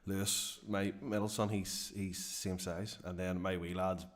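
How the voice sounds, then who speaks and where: A middle-aged man hosts a loose live-stream chat in a fairly low voice. He is talkative, laughs easily and swears in passing. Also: flat delivery, measured pace. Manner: chatty, laughs often, swears casually. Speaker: channel host.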